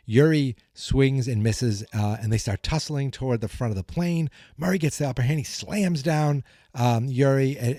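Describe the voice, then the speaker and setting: A man's voice: medium pitch, moderate pace, warm tone, soft background music. Man with a scratchy morning voice. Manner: chatty, rambling, self-joking. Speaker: podcast host. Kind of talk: casual recap monologue.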